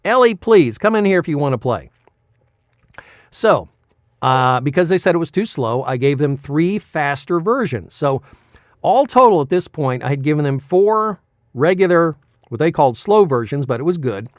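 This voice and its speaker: A man's voice: fairly high pitch, very animated, moderate pace, no room sound, clean studio sound. A male voice actor chatting casually in a vlog, rambling and self-deprecating as he tells stories from his work.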